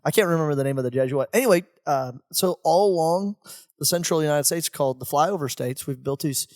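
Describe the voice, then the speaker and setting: A man, a priest, chatting casually on a podcast, animated and laughing often, with rambling restarts. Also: on the high side, fairly quick, no room sound, clean studio sound.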